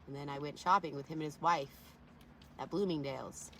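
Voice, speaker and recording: A woman vlogger casually rambling through wild stories, profane and animated, with sudden loud bursts. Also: low voice, brisk, slight background noise.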